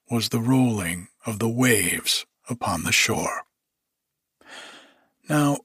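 Slow husky male storyteller. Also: mid-range voice, dry recording, studio quality. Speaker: audiobook reader. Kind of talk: scripted storybook narration.

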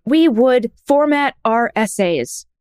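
A woman's voice: on the high side, animated, slow pace, a little mellow, clear, resonant tone, dry recording. Playful young woman with a dry, close sound. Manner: playful, teasing banter. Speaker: podcast co-host. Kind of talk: casual chat.

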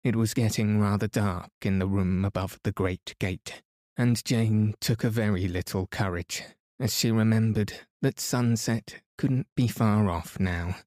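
A man calmly reading a children's book aloud as a bedtime story for sleep. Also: on the low side, a little slow, dry recording, clean studio sound. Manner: calm, soothing. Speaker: podcast reader.

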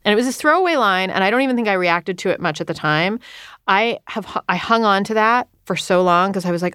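A woman in her thirties, an author, talking candidly in an interview, earnest and quick with frequent restarts. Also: mid-range voice, a bit bright, clean tone, no echo, studio quality. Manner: earnest, rushed, many restarts and quoted self-talk.

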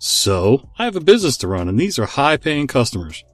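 A man reads out a pushy male store employee who refuses to listen. He sounds stubborn and dismissive, with a lively, swinging pitch. The audio is dry and close. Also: brisk, dry recording, faint music behind. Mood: insistent. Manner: insistent, dismissive.

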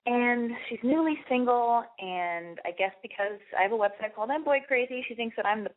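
A woman's voice: fairly high pitch, brisk. A woman podcast host with a lisp, giving a brash, profane, rambling and self-deprecating advice monologue. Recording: phone-like narrow band.

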